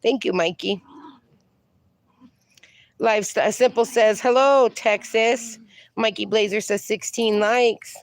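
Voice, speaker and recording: A woman's voice: a little high, fairly even intonation, takes it slowly, long pauses. A woman hosting a casual livestream, reading viewer comments aloud and cooing at her dogs, a little sniffly from allergies. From USA. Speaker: livestream host.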